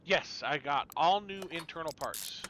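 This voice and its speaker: A man's voice: on the high side, measured pace, a bit bright, a little hiss or hum. A middle-aged man streaming a game, explaining engine repair to viewers in a chatty, knowing way. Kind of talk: casual gameplay commentary.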